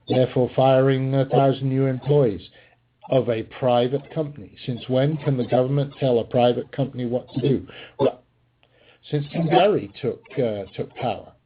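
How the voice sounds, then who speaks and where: Sarcastic man on a tinny line. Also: mid-range voice. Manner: combative, sarcastic, with frequent fillers. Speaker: podcast host. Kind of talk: political commentary podcast. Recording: tinny phone-line sound with faint hiss.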